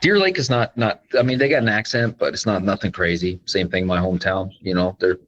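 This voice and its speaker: A man's voice: sits low, brisk, fairly bright tone, lo-fi sound. A young man from Newfoundland with a Newfoundland accent, a guest in a casual chat who rambles, filling his talk with "like" and "yeah.". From Newfoundland, Canada. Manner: rambling, heavy use of "like" and "yeah". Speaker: guest, content creator.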